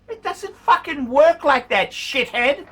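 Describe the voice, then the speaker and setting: Ranting vlogger, male: furious, foul-mouthed, pitch leaping all over, bright edge to the voice. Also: animated, slow, distant mic. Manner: furious, swearing, repeats insults. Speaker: watch vlogger. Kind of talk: angry profane rant to camera.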